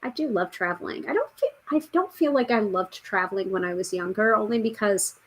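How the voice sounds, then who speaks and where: A woman's voice: medium pitch, lively intonation, brisk. Chatty woman hosting a live stream. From United States. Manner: chatty, reads out viewer comments, frequent fillers. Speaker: tarot podcast host. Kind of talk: casual live-stream chat.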